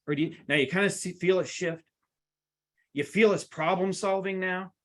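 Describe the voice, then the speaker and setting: A man's voice: high voice, normal speed. A man teaching a live workplace seminar, talking straight to the audience with playful asides. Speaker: workplace trainer.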